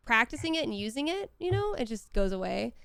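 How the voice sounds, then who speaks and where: A woman chatting on a casual stream from home, telling animated stories with some casual swearing. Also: fairly high pitch, a little fast, vocal fry, clean tone, no echo, studio quality. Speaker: voice actor signing on stream.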